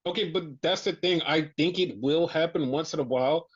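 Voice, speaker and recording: A man's voice: on the high side, a little fast, husky. A man co-hosting a podcast, chatting casually and animatedly about wrestling, swearing freely and acting out what others said. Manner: animated, swearing, acts out quotes. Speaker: podcast co-host. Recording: dull lo-fi podcast audio.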